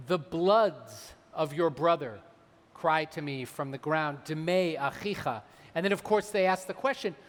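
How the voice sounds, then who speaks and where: A man, a rabbi, delivering a holiday sermon, slowing down and weighing his words when he quotes sacred texts. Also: high voice. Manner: measured, slows for emphasis on quoted texts. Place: large synagogue sanctuary. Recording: long hall reverb.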